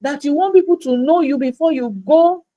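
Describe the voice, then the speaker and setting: A woman's voice: sits high, fairly quick, mellow, highs cut off. A woman giving an emphatic motivational talk as a coach on a livestream, repeating words for stress. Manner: emphatic, repeats words, acts out quoted doubts. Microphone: livestream mic.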